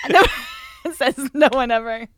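A woman guest on a podcast, chatting casually with wry, deadpan jokes and frequent laughter. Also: fairly high pitch, measured pace, no room sound.

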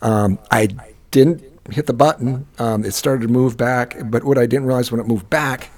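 A man's voice: medium pitch, steady tone, moderate pace, darkish tone. A man in casual chat, swearing and laughing easily as he tells a story.

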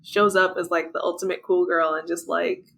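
A woman's voice: fairly low pitch, steady tone, fairly quick, creaky, fairly bright tone, a little hiss or hum. A young woman hosting a podcast, chatting in a friendly, enthusiastic way. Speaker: podcast host. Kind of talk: casual chat.

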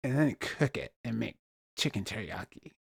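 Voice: medium pitch, expressive, moderate pace, gravelly, breathy edge. A podcast co-host in crude, giggly casual chat, swearing heavily.

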